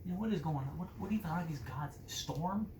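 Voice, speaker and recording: A man's voice: on the high side, brisk, natural voice. Man doing a bewildered young hero. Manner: bewildered questioning. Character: confused young male hero. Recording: roomy echo, faint noise.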